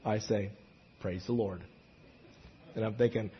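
A man preaching a sermon as a pastor, telling stories with many restarts and shifting between loud and hushed delivery. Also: lowish voice, steady tone, a little slow, breathy edge, highs cut off.

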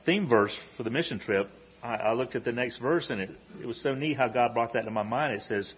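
A man giving an earnest, halting church testimony and quoting scripture. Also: mid-range voice, breathy edge, muffled recording. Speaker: mission trip team member giving testimony. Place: church service.

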